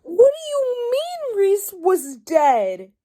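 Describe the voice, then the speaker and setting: A woman with a high voice talks casually to camera about a book she is reading. She is excitable and gushing, dropping to hushed asides one moment and squealing the next. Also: extremely slow. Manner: excitable, gushing, swings between whispers and squeals. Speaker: book vlogger. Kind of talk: casual reading reaction vlog.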